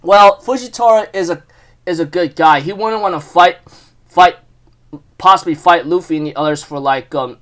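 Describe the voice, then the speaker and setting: A young man casually recapping a manga chapter, rambling with lots of fillers and restarts, getting excitable. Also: sits high, normal speed.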